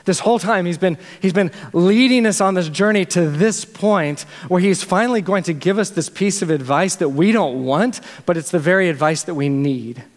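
A man's voice: high-pitched, moderate pace, hardly any pauses. A male pastor preaching a sermon in an earnest, conversational way, often restarting his sentences. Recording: long reverb of a large hall.

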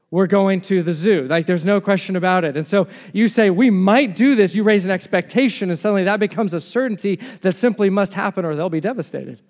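A man in his thirties, a pastor giving a lively, conversational sermon full of rhetorical questions. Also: fairly high pitch. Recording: reverberant hall sound.

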